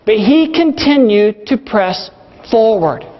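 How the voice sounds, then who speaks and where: A man with a strikingly high voice preaches from the pulpit in an earnest way, hammering his points home by repeating them. The recording is dull and lo-fi, and a long hall reverb trails after each phrase. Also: animated, slow pace. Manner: earnest, storytelling with emphatic repetition. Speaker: pastor. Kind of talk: sermon.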